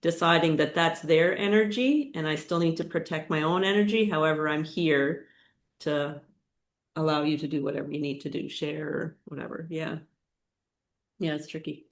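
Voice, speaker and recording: A woman's voice: low voice, moderate pace. A woman co-hosting a podcast, answering in a thoughtful, casual way with short agreeing replies. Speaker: podcast co-host.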